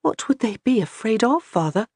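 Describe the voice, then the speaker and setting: A man reading as a troubled young noblewoman who asks soft, earnest questions. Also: high-pitched, sing-song, normal speed, slightly rough, no echo, studio quality, pitched above the performer's own voice, full character voice.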